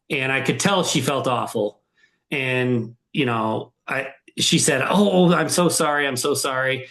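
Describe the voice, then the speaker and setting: A man's voice: medium pitch, reverberant. A middle-aged man co-hosting a podcast, telling stories animatedly and agreeing often. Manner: animated storyteller, frequent agreeing. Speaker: podcast co-host. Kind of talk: casual podcast chat.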